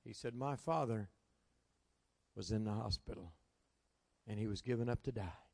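Man, preacher, folksy anecdotal sermon, gravelly voice, echoing church hall. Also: fairly low pitch, normal speed, a little mellow. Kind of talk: sermon storytelling. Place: church sanctuary. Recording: long reverb of a large hall.

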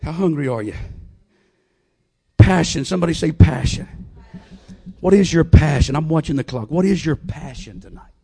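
A man's voice: a little high, expressive, moderate pace, warm tone, slightly rough. A man preaching a revival sermon, repeating his phrases over and over and calling out to the congregation. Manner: repetitive, call-and-response preaching.

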